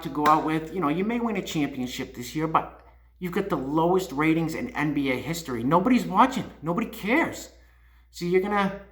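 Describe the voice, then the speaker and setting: A man's voice: fairly high pitch, a bit bright. A man hosting his own channel, scolding and repeating himself in a heated opinion rant. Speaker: YouTube channel host. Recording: echoey room.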